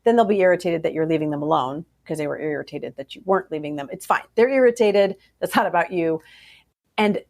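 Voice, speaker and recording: A woman psychologist answering interview questions about parenting, animated and acting out the voices of parents and kids. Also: on the low side, fast talker. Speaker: child psychologist guest.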